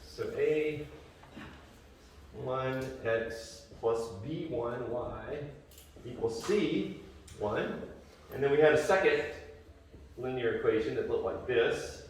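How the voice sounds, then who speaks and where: A male math teacher lectures his class in a joking, conversational manner, frequently checking in with students. His voice is medium in pitch, slow and marked by long pauses, recorded from afar in an echoey classroom with slight background noise.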